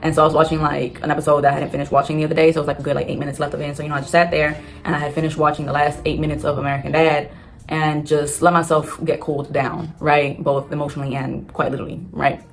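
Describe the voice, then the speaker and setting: A woman vlogging candidly about her reading struggles, swearing freely and talking in long rushing run-ons. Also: low voice, little pitch movement. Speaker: booktube vlogger. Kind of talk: casual storytelling vlog. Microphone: phone on a tripod.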